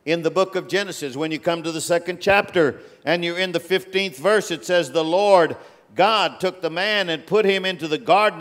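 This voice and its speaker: In a vast church auditorium, a man preaching as a guest speaker swings from drawn-out, booming proclamations to hushed, low rebukes. The sound carries the long reverb of a big hall.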